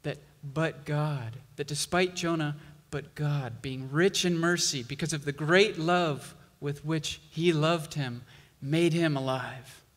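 A male pastor preaching a sermon, slow and emphatic, building intensity on key lines. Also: a little high, fairly bright tone, in a large hall.

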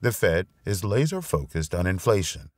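A man reading a finance blog essay aloud as narrator, with an expressive, wry delivery on a close mic. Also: low-pitched, moderate pace, no room sound.

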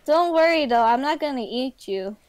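A woman's voice: high-pitched, expressive, moderate pace, no room sound. A woman co-hosting a live stream, chatting in a playful, giggly way. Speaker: stream co-host. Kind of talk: casual chat on a live stream.

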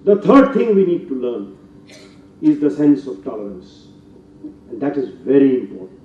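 An older man with an Indian English accent giving a formal public lecture, emphatic and rising to forceful rhetorical peaks. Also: medium pitch, sing-song, normal speed. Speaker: guest lecturer. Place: lecture hall. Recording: distant, roomy, dull hall recording.

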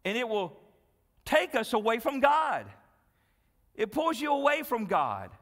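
A male pastor preaching a sermon, telling a Bible story with dramatic swings from loud, lively delivery to hushed, pleading tones. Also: very high-pitched, unhurried, big-room sound. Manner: dramatic storytelling, acting out Bible dialogue, dropping to hushed pleas. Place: church sanctuary.

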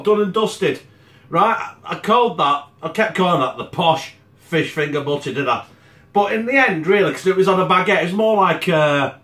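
A chatty man talks straight to camera in his kitchen, blunt and swearing nonstop. His voice sits a touch high and swings up and down a lot. The room around him sounds echoey. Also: a bit bright. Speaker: home cooking channel host. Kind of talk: casual sweary to-camera chat.

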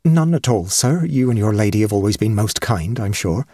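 A man voicing an old superstitious countrywoman housekeeper, slow and ominous in rustic dialect, husky. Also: on the low side, expressive, mellow, dry recording, studio quality. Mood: placid.

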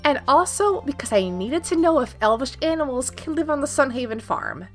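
Bright, upbeat young woman narrating gameplay. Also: high voice, expressive, moderate pace, few pauses. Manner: upbeat, playful. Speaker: gaming YouTuber. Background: faint background music.

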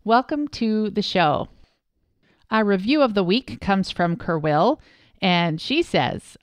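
Woman, podcast host, smooth clear voice, dry close sound, enthusiastic. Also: mid-range voice, expressive, takes it slowly, no echo. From Wisconsin. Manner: enthusiastic, upbeat. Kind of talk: podcast interview.

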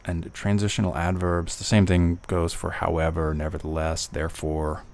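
A man tutoring test prep, reading passages slowly and then reasoning aloud through each answer with fillers and restarts. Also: low voice, flat delivery, gravelly, darkish tone. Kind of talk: walkthrough of test questions, thinking aloud.

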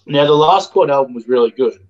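A man's voice: mid-range voice, lively intonation, brisk. Hedging Australian man on a muffled mic. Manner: thoughtful, hedging. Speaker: co-host, music reviewer. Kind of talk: casual live-stream chat.

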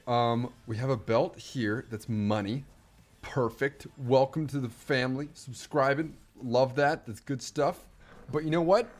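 A man giving excited, rambling live commentary over his game stream, breathless and repeating himself. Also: medium pitch.

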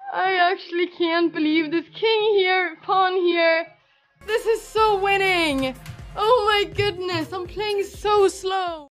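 Super high-pitched young woman chess streamer, excitable, keeps exclaiming and laughing, faint music behind. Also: extremely slow. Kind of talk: live-stream chess commentary.

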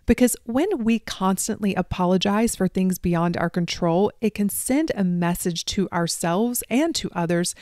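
Woman podcast host, life coach, direct address with hushed asides, mid voice, dead-dry studio sound. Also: mid-range voice, no room sound. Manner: addresses listeners directly, drops into soft asides. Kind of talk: solo podcast monologue.

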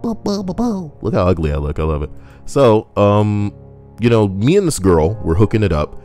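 A man's voice: fairly low pitch, lively intonation, normal speed, mellow, soft background music. A man doing comedic commentary as a streamer reading online posts, crude and jokey, slipping into silly voices and singing.

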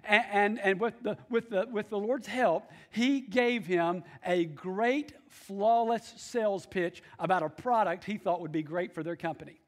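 Emphatic high-voiced male pastor preaching. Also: unhurried, hardly any pauses. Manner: emphatic, repeats key phrases, calls for amens. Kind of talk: sermon.

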